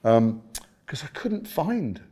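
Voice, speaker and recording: A British actor telling stories in an interview, animated and self-mocking. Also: male voice, a little high, takes it slowly, husky. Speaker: actor guest. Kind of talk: conversational interview.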